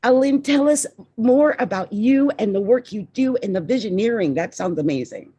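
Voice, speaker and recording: Husky-voiced woman hosting a podcast. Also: on the high side, animated, normal speed, muffled recording. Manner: chatty, warm-up fillers and restarts, stumbles over names. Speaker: podcast host. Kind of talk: casual interview chat.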